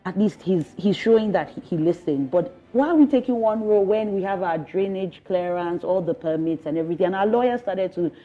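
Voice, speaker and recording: A woman's voice: fairly low pitch, mellow, dull audio. A woman being interviewed, giving an earnest, distressed first-person account and often stopping to restart her sentences. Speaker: interviewee, resident and mother.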